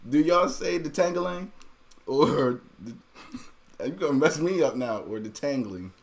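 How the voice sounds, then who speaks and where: A man's voice: on the high side, lively intonation, measured pace. A man co-hosting a casual livestream from home, teasing his partner and laughing as he talks. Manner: playful teasing, laughs while talking. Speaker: co-host.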